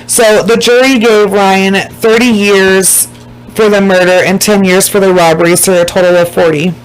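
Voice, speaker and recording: A woman casually recapping a documentary to her viewers, emphatic and blunt, swearing freely and slowing down to stress the points that upset her. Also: medium pitch, fairly even intonation, clear, resonant tone, rough recording.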